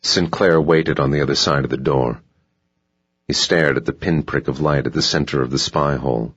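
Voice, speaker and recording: A man narrating an audiobook in a slow, measured delivery. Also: very deep voice, steady tone, a bit bright, slightly rough, no echo. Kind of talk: scripted narration. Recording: dull dry audiobook recording.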